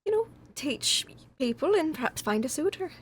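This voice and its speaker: A woman's voice: high voice, sing-song, moderate pace, no room sound, clean studio sound. A woman voicing a cheerful half-Irish young tutor in a tabletop role-play, with an Irish accent and a bubbly, flustered manner.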